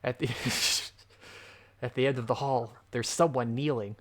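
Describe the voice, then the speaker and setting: A man's voice: mid-range voice, fairly even intonation, slow pace. A man streaming a game, reading its narration aloud in first person and bantering with friends. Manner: reads the game text aloud in first person, laughing between lines. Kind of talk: casual let's-play reading and banter.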